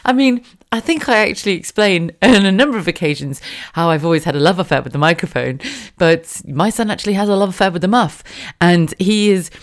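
A woman's voice: lowish voice, fairly quick. A woman, chatting casually on her own podcast from a room at home, laughing often and swearing now and then. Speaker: podcast host. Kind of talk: casual solo podcast chat. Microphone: studio mic with a damaged foam windscreen.

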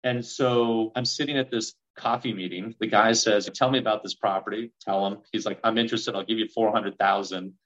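Animated storytelling man, low voice, muffled audio. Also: fairly quick, few pauses. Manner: animated storyteller acting out quoted dialogue. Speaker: real estate investor guest. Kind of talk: storytelling in a podcast interview.

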